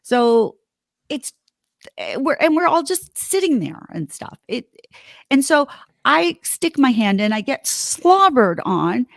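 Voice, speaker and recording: A middle-aged woman with a fairly high voice that swings widely in pitch, telling a story with mounting indignation and frequent swearing. She is recorded close and dry, with no room sound, in a casual podcast chat. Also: sing-song, takes it slowly, gravelly, no room sound. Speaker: podcast host.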